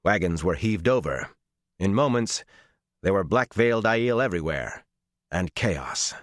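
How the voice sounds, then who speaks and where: Deep-voiced male audiobook narrator. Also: animated, no echo, studio quality. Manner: measured, dramatic storytelling. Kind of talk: scripted fantasy audiobook narration.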